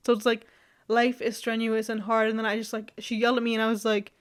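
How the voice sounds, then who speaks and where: A woman's voice: a little high, completely flat delivery, fast talker. A young woman vlogging in a loose, rambling chat, full of fillers, easy laughs and casual swearing.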